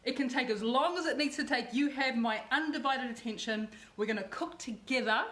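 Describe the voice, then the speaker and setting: A woman's voice: high voice, a little fast, fairly bright tone. Bubbly woman hosting a cooking stream. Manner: bubbly, effusive, repeats herself. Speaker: cooking show host. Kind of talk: chatty livestream cooking demo.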